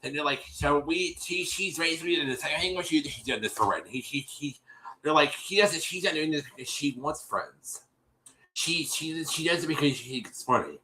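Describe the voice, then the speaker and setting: Male host, casual recap chat, very bright tense tone, rambling delivery. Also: on the high side, expressive, normal speed. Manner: rambling, many restarts, acts out quotes. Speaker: show host recapping an episode.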